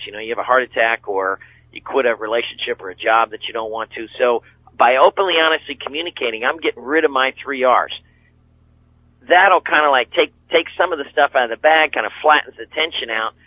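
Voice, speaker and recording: A middle-aged man, a seminar speaker and coach, talking as a radio guest in a folksy, rambling way, with fillers and acted-out quotes. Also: medium pitch. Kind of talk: guest talk on a radio show. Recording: dull lo-fi radio audio.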